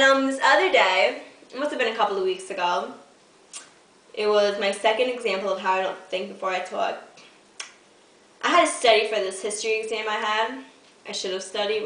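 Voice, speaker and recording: A woman's voice: mid-range voice, fairly bright tone, far from the mic. A teenage girl telling funny stories to the camera in a hyper, giggly, self-mocking way. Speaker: vlogger. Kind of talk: casual storytelling to camera. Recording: echoey room, voice off-mic.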